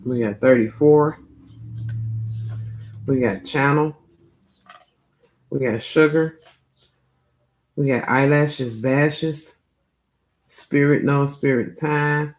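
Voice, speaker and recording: Gravelly man giving a tarot reading. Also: a little high, poor audio. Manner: loose and profane, tags lines with "okay?". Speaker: tarot reader.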